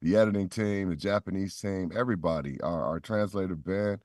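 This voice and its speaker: This studio-quality clip, free of room sound, features a middle-aged voice actor's low, darkish voice moving a little fast. He's a podcast guest telling stories and animatedly voicing the characters he quotes.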